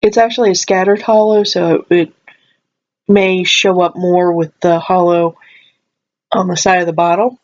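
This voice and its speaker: A woman chats her way through a haul video at home, unhurried and rambly, circling back and restarting her sentences. She may be coming down with a cold. The sound is dull and lo-fi. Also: on the low side, steady tone, darkish tone. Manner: rambly, chatty, lots of restarts and asides; playful voices when quoting herself. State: possible cold. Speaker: vlogger.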